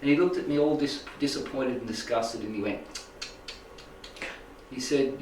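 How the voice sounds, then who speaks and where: With long pauses and a normal speed, a man with a medium-pitched, slightly mellow voice gives an informal talk on spiritual healing to a small indoor audience. He rambles and checks in with "right?" and "make sense?". Slight background noise, echoey room, distant mic.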